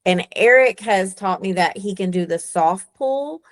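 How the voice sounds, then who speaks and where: A woman's voice: medium pitch, expressive, measured pace. A woman working as a real estate agent, chatting on a group call and telling how a line worked with a client. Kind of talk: sharing a story on a group call.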